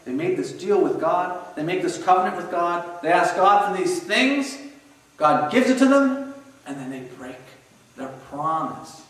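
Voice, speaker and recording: A male pastor with a fairly high voice preaches in animated storytelling style and acts out the scenes he describes. He is heard from a distance, in a church sanctuary full of echo. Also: unhurried. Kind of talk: sermon. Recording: echoey church hall from far off.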